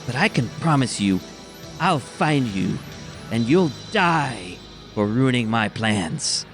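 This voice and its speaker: A man voicing a vengeful female sorceress villain who speaks in slow, menacing threats. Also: medium pitch, very animated, faint music behind.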